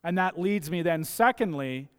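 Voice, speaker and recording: Guy preaching, kinda high voice, gravelly throat, smooth underneath, big echoey church hall. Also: expressive, normal speed. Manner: emphatic, repeats key phrases for stress. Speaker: pastor. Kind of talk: sermon.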